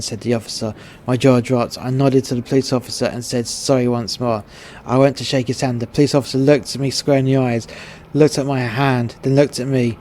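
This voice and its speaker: Brief: English male narrator, crude and blunt, steady monotone delivery. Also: medium pitch, brisk, slight background noise. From England. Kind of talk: scripted narration of a short story.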